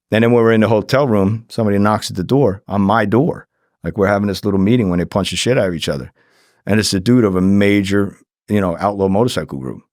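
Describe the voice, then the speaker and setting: A low-voiced man tells his story with lots of animation, acting out what others said and swearing freely. His voice is recorded dry and close, with no room sound. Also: no room sound. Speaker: former undercover agent, guest. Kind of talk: casual storytelling.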